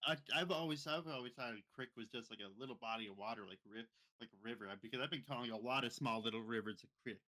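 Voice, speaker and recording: A man's voice: mid-range voice, fast, hardly any pauses, pushed and bright, low-quality recording. A man co-hosting a podcast, recalling events in casual chat, often stammering and repeating words. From a reservation community. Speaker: podcast co-host.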